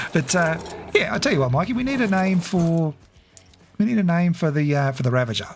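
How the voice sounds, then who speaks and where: A man's voice: on the high side, expressive, normal speed, faint music behind. A man chatting casually while streaming a game, greeting viewers by name and laughing often. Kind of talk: casual livestream chat.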